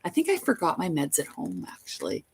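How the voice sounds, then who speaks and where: Low gravelly-voiced woman rambling. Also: wildly swooping pitch, brisk. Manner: rambling, emphatic retelling. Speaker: livestream host. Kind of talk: casual livestream storytelling.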